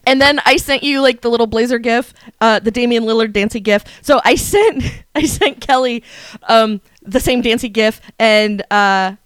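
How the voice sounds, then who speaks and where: A woman co-hosting a podcast, telling a story in a casual chat and acting out her own excited reactions. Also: on the high side, moderate pace, clear, resonant tone, no room sound. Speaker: podcast co-host.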